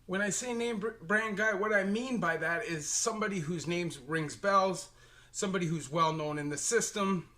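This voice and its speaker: Bright Canadian man vlogging casually. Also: sits high, moderate pace. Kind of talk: casual explainer monologue.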